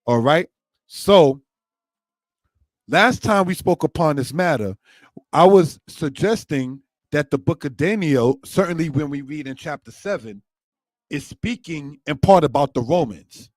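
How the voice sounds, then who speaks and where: A man's voice: on the high side, animated, a little slow, no echo. Man teaching scripture in a dry voice. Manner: repeats "brothers and sisters" and "if we will" often; reads quoted passages aloud, then comments. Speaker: Torah teacher. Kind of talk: scripture lesson.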